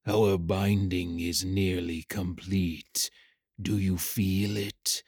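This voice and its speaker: A man voicing a faceless male shadow rider who speaks in a slow, low and commanding way. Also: little pitch movement, darkish tone, husky, no echo, studio quality, full character voice. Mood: menacing.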